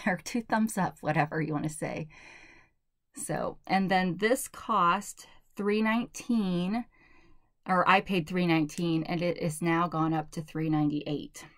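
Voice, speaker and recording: A woman's voice: lowish voice, no room sound. A woman vlogger chatting casually through a product haul, rambling and thinking aloud with lots of fillers. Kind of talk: casual product review chat.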